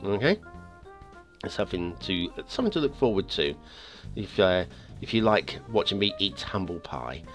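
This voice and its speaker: A man hosting a game map review show, talking in a casual, rambling way with many restarts, his voice getting a little hoarse. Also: normal speed. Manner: chatty and rambling, with frequent restarts and stammers; lively, swinging pitch. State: voice going hoarse. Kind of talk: casual video game commentary. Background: faint background music.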